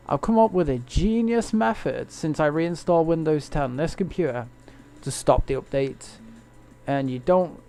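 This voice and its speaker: A man gives loose, joking commentary to his viewers while he plays a game from a room at home. His voice sits a little high and carries a gravelly, creaky edge. He wanders off topic easily and keeps chatting to his audience as he goes. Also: warm tone. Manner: rambling, jokey, chatty with viewers. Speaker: gamer streaming gameplay. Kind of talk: casual live-stream commentary.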